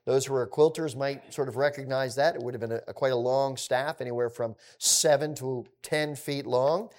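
A man teaching through a scripture passage in a conversational way, with relaxed asides. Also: mid-range voice, moderate pace.

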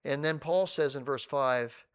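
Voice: mid-range voice, unhurried, clean tone. A preacher giving a conversational Bible teaching, acting out the scenes in everyday paraphrase and driving points home through repetition. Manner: retells scripture scenes in lively, acted-out paraphrase; emphatic repetition.

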